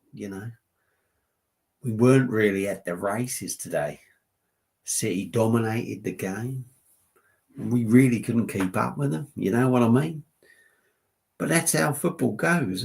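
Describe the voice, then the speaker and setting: A man's voice: on the low side, unhurried, creaky, pauses often, a little mellow. A man voicing a laid-back Australian football manager with a matey drawl and an Australian accent. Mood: rueful.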